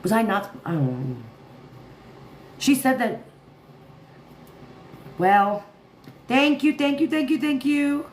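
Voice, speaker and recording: Speaking slowly in a high voice with frequent pauses, a tired woman runs a relaxed livestream, rambling and laughing a lot as she talks with her audience and her cat. The room is echoey, with faint background noise.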